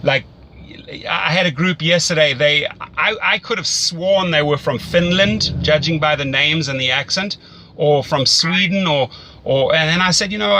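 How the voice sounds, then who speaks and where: A man with a South African accent talks through rideshare strategy with an eager, upbeat energy. His voice sits a little high and rings bright and forceful, and he often doubles words as he works out what to say. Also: moderate pace, a little hiss or hum. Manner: enthusiastic, repeats words while thinking. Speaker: rideshare mentor host. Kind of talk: casual mentoring call.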